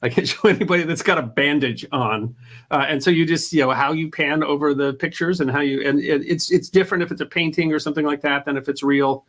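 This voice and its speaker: A man's voice: on the high side, quick pace, a bit bright. A man talking as a guest in an interview about running a history channel, rambling and restarting his phrases, often laughing. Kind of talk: casual interview talk.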